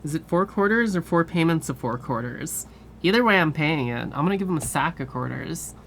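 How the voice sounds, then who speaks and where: A woman streamer chatting casually with her viewers, cursing freely and laughing often. Her voice is deep for a woman. A faint background hum sits under it. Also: expressive, fairly quick. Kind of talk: casual live-stream chat.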